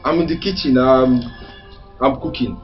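An actor with a Nigerian accent playing a broke young husband who grumbles to himself about cooking and housework. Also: male voice, mid-range voice, moderate pace, lo-fi sound, soft background music, close to an everyday voice. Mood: grumbling. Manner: self-pitying grumbling monologue.

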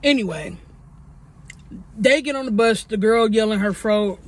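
A young woman with a high voice tells a story to her camera between bites. Her delivery is animated, she slips into the voices of the people she describes, and she swears freely. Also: unhurried. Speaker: vlogger. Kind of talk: storytime while eating on camera.

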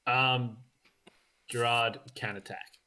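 A man running a tabletop game as dungeon master, talking in a relaxed, halting way full of ums. His voice sits at an ordinary pitch. A faint noise and clicks run under it. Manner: relaxed, hesitant with many ums.

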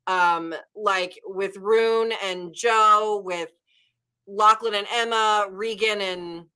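A woman's voice: medium pitch, steady tone, slow pace, pushed and bright, clean tone. A woman in casual book-club chat, talking in long runs full of "like" and "um" fillers. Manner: chatty, many "like" and "um" fillers. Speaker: former literature teacher.

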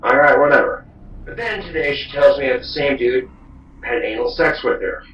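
A man's voice: medium pitch, moderate pace, fairly bright tone. A man telling a rambling, profane comedic story. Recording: dull, roomy, distant, faint hiss.

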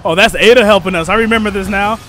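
Young man, let's play commentary, excitable, jokey, bright voice. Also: sits high, quick pace, a little hiss or hum. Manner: excitable, jokey, talks to viewers. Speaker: gaming YouTuber.

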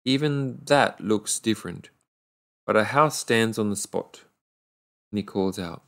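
A man reading a fairy tale aloud, unhurried, now and then stumbling and correcting a word. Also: fairly low pitch. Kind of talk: read-aloud storybook narration.

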